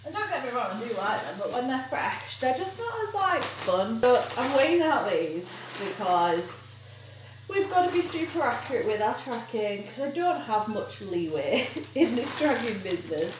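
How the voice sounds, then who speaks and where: A young woman vlogger chats casually and upbeat, poking fun at herself, in a day-in-the-life vlog that moves from cooking at home to a walk outside. Her voice is fairly high with big pitch swings at a moderate pace, and the roomy audio carries background noise, loud kitchen sizzle, and outdoor ambience.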